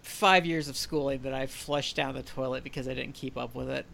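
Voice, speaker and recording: An American man co-hosting a podcast, chatting casually, animated and self-deprecating with lots of fillers. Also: medium pitch, a little fast, gravelly, slight background noise. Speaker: podcast co-host. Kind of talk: casual chat.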